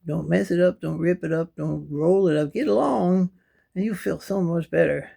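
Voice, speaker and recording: Talking into a camera set up before him, this middle-aged man with missing teeth chats away from a kitchen chair in a home vlog, drifting into asides and frequently sinking into a mumble. His voice is a little high and mellow, with vocal fry and a moderate pace.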